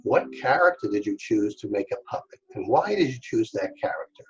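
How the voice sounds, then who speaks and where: A man's voice: lowish voice, very animated, brisk, muffled recording, soft background music. Patient man teaching kids a craft. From Staten Island, New York. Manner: patient, step-by-step, talks directly to kids. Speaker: art teacher. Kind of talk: online children's craft lesson.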